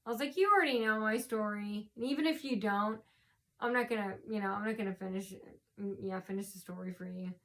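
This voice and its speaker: A woman's voice: mid-range voice, fairly even intonation, fast. A worn-out woman recounts a personal run-in in a loose, rambling vlog. She circles back on herself with fillers, restarts and repeated phrases, and sounds short on sleep. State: tired from lack of sleep. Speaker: vlogger.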